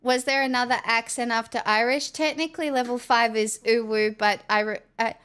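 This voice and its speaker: A high-voiced woman with an Australian accent chats casually to her livestream audience. She is playful and self-mocking, rambling between jokes. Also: steady tone, brisk, a bit bright, smooth. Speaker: streamer.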